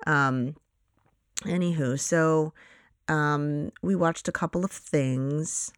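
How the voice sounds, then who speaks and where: A woman's voice: low voice, slow pace, clear, resonant tone, no echo. Woman cohost chatting about movies, sleepy morning voice, lots of ums, dry close sound. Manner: rambling, many fillers. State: groggy morning voice. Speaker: podcast co-host. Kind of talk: casual film chat.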